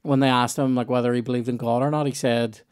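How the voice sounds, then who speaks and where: A man's voice: medium pitch, little pitch movement, fast talker, a little mellow, clear, resonant tone. Sweary man telling stories. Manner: sweary, rambling anecdotes with lots of restarts. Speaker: comedian podcast host. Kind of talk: casual storytelling chat.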